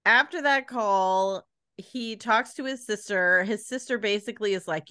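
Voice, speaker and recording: A woman's voice: medium pitch, bright, forceful tone, clean tone, dry recording. Dry-voiced woman retelling a book. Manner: laughing, storytelling with quick quoted voices. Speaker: podcast co-host retelling a book. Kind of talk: casual chat.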